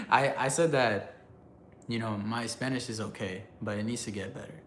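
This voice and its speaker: A man's voice: medium pitch, a bit bright, a little hiss or hum. A man casually chatting on a live stream, reading chat aloud, loose and joking, laughing often. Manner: halting when he switches languages.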